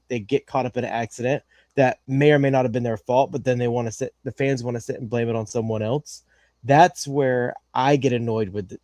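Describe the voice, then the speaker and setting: A man's voice: medium pitch, dark tone, no room sound. A man co-hosting a racing podcast, talking in a rambling way with many fillers and restarts. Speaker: podcast co-host. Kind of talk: casual chat.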